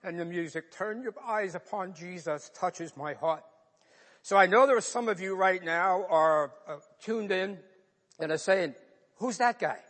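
A man's voice: high-pitched, measured pace, fairly bright tone. An older man with a New York accent, a pastor preaching a sermon and telling a personal story in an earnest, emotional way. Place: church sanctuary. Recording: long reverb of a large hall.

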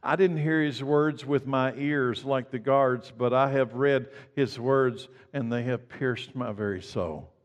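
A man preaches a sermon in a church sanctuary. He sounds emphatic, rising to loud declarations and dropping to hushed lines. His voice sits at a middling pitch and trails off in a long hall reverb. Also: a little slow, few pauses, muffled recording. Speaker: pastor.

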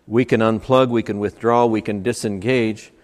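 A man's voice: on the low side, steady tone, moderate pace. A man preaching a sermon at a church service, emphatic and building points through stacked, repeated phrases. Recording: long hall reverb.

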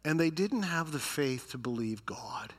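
A man's voice: a little high, expressive, a little slow. A male pastor preaching a sermon, acting out complaining voices and reading scripture with dramatic emphasis. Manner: dramatic, voices grumblers and reads scripture with rising intensity.

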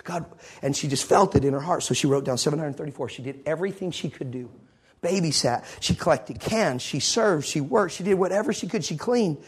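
A man preaching a sermon, telling a story and swinging between loud moments and hushed ones. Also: a little high, lively intonation, fairly quick, husky.

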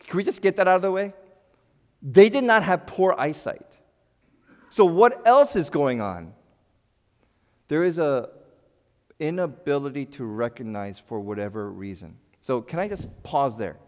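A male pastor giving a sermon in an animated, conversational way, swinging from loud bursts to quiet asides with playful humor. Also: medium pitch, a little slow. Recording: long hall reverb.

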